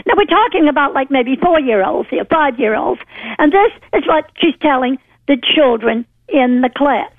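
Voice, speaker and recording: A woman's voice: sits high, animated, normal speed, no echo. A woman from New Orleans calling in to a talk radio show, indignant and rambling with fillers. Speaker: caller. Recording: phone line.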